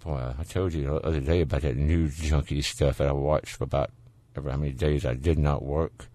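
Southern guy hosting a call-in radio show, real low voice, dry close sound, easygoing and folksy. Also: fairly even intonation, brisk, warm tone, no room sound. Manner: folksy, easygoing, laughs often. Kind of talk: casual call-in radio chat.

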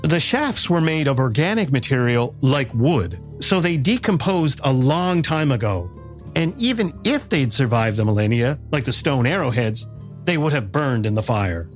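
A man giving measured, scripted documentary narration. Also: medium pitch, very animated, faint music behind. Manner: measured, explanatory.

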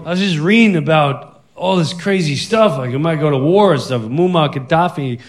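A man telling a fast, animated stand-up comedy story. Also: on the high side.

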